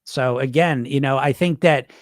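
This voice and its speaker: A man's voice: medium pitch, normal speed, no room sound, studio quality. A man coaching on weight loss in a livestream, answering chat in a blunt, profane, fired-up way.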